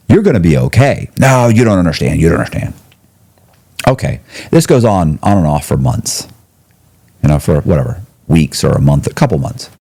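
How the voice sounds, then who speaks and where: A man telling a story as a podcast guest in casual talk, animated, and he jumps up high when he quotes people. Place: podcast studio.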